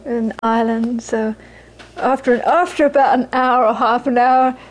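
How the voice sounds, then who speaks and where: A woman's voice: a little high, steady tone, unhurried, a little hiss or hum, rough recording. A British woman teaching as a Buddhist teacher, giving an earnest talk to a live audience, repeating phrases for emphasis and laughing often.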